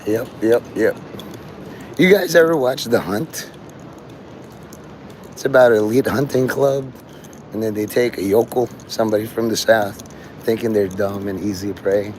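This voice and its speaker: A man's voice: lowish voice, normal speed, long pauses, a little mellow, a little hiss or hum. A man livestreaming outdoors on his phone, rambling to his chat and acting out the voices of people he quotes.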